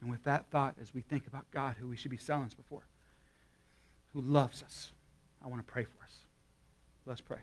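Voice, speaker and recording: A man's voice: medium pitch, steady tone, moderate pace, pauses often. A young adult man preaching to his congregation in a folksy, conversational way, telling a story and then leading a prayer. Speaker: guest pastor. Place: church service before a live congregation.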